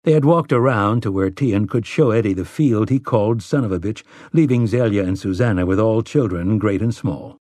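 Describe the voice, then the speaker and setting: Dry, measured male audiobook narrator. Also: on the low side, warm tone, dry recording. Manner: measured storytelling. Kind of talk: scripted narration.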